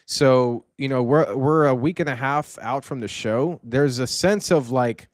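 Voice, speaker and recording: A man's voice: medium pitch, measured pace, no room sound, studio quality. A man hosting a casual podcast, talking in long rambling runs and restarting his sentences. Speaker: podcast host and event organizer.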